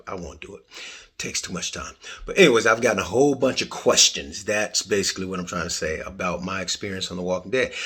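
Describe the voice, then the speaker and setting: A middle-aged man hosting his own podcast, talking casually in a playful, animated way with jokey asides. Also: deep voice, breathy edge. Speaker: podcast host. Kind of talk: casual podcast intro monologue.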